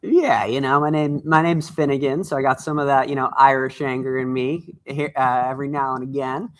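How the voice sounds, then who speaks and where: A man's voice: medium pitch, flat delivery, a little fast. A man speaking as a guest in a casual chat, good-humoured and laughing often.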